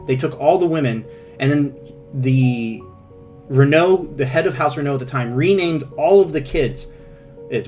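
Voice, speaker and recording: A man narrating as game master, rambling and halting, with many fillers and restarts. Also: medium pitch.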